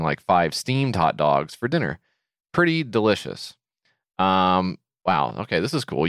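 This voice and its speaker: A low-pitched man co-hosting a laid-back podcast, wry and sarcastic, swearing freely as he reads listener mail aloud. His delivery swings widely and animatedly in pitch. The sound is dry and close, with no room echo. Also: a bit bright. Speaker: podcast co-host. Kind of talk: casual podcast chat.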